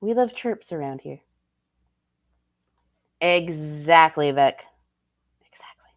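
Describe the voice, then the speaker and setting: A woman's voice: low-pitched, a little slow. A woman streamer reacting to a video in casual, blunt and profane commentary. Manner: blunt and profane, laughs often.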